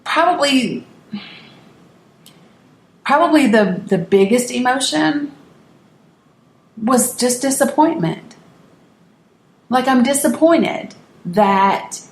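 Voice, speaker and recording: A woman's voice: sits high, lively intonation, slow, pauses often, echoey room, slight background noise. A woman from Northeast Tennessee telling a personal family story to camera, candid and emphatic, often restarting her sentences. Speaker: vlogger.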